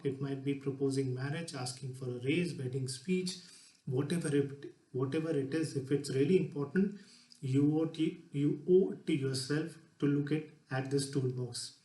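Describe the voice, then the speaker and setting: Lively man speaking in an echoey hall. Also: a little high, normal speed. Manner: lively, demonstrative, shifts voice to show examples. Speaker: speaker giving a talk. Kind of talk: public talk on stage. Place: stage before a live audience.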